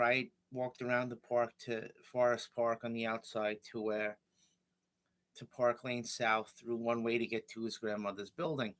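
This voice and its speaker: A man, telling stories on his livestream in a rambling, halting way. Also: mid-range voice, fairly bright tone. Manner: rambling, halting, with fillers and self-corrections. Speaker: livestream host. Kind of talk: casual storytelling.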